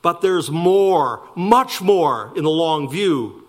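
A man preaching a sermon, slowing down to stress key words and speeding through asides. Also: a little high. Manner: animated preaching, slowing for emphasis and rushing asides. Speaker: pastor.

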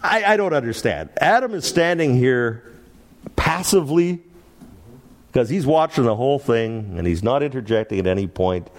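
A man teaching through a Bible passage, animated and laughing often as he acts out the quoted lines. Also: mid-range voice, moderate pace.

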